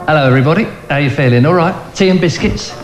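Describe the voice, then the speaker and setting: An actor playing an unflappable asylum doctor, breezy and matter-of-fact. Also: male voice, a little high, fast talker, lightly acted. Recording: echoey room with music behind.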